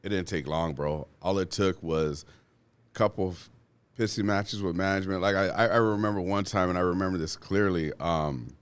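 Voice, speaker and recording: A man, a union steward guest, telling work stories in a casual, profane and animated way, acting out what people said. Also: sits low, normal speed, smooth. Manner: profane, animated, acts out quotes. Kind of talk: casual storytelling.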